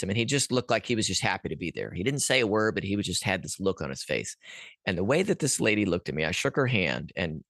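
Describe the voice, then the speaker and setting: A man's voice: low-pitched, no room sound, studio quality. A man guest on a podcast, earnestly telling a personal story in a rambling way, with many restarts and fillers. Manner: earnest, animated at peaks.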